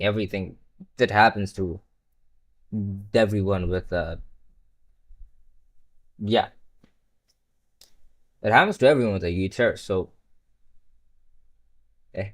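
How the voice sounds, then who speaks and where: A young man who is not a native English speaker, chatting casually on a live stream while coding, rambling and swearing when frustrated. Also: lowish voice. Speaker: livestreamer.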